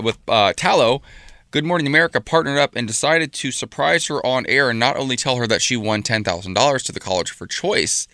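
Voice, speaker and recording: Bright-voiced man hosting a radio show. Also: medium pitch, no echo, studio quality. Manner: easygoing, upbeat storyteller. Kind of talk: casual radio show chat.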